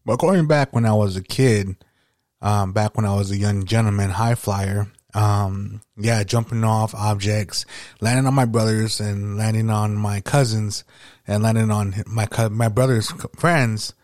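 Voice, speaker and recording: A man's voice: fairly low pitch, fairly even intonation, measured pace, a little mellow, no echo, studio quality. A man hosting a podcast, chatting casually and nostalgically, rambling with lots of fillers and swearing. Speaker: podcast host.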